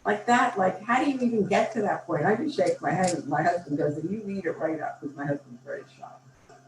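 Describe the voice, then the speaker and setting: A woman's voice: on the low side, fairly quick, slight background noise. An older woman and company founder, chatting enthusiastically as an interview guest and acting out little anecdotes. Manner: enthusiastic, chatty, acts out quotes. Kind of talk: animated storytelling in conversation. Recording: roomy, distant mic, faint ambience.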